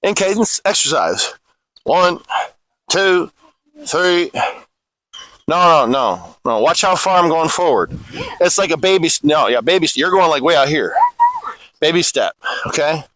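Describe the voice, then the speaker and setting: Middle-aged guy, high bright voice, slow, calling out counts for army drills on a hill, joking around, dry sound. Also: expressive, dry recording, poor audio. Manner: counts cadence, coaches and jokes. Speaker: army fitness instructor. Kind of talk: informal exercise instruction. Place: outdoors on a grassy hillside.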